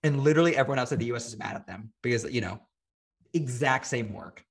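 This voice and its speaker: A man talking casually as a podcast guest, rambling quickly with lots of filler words. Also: mid-range voice, animated, vocal fry, husky. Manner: fast, rambling, frequent "like" fillers. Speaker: podcast guest, data engineer. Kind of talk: casual interview chat.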